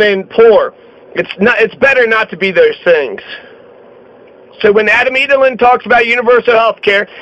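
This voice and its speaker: Man, political commentary, blunt, repetitive, sharp bright tone, muffled lo-fi sound. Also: high-pitched. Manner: repetitive, blunt, fills with "you know". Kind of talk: opinionated political monologue.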